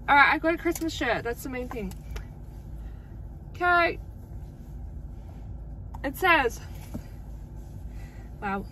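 A woman's voice: high-pitched, lively intonation, slow, long pauses, pushed and bright. A young Australian woman chatting casually to camera while running errands, self-mocking and swearing now and then. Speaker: vlogger. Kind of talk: casual vlog chat. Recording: clear car and road noise.

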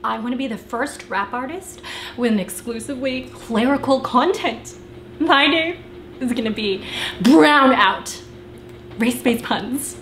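A woman's voice: fairly high pitch, a little slow, a bit bright, slight background noise. A young woman playing a brash office worker who wants to rap, with sassy, punchy comic delivery. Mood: proud. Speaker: auditioning actor. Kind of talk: comic theatre monologue. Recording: echoey room, faint music.

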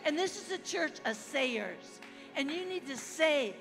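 Animated high-voiced American woman preaching. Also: moderate pace. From United States. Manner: animated, leads call-and-response. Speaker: guest missionary preacher. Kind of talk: sermon. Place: large church hall. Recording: church hall reverb with music.

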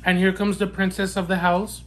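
In a mukbang eating vlog, a male food vlogger reviews fast food with a high-sitting, fairly bright voice and a flat delivery. He's playful and sassy, savoring bites with frequent mms and wows.

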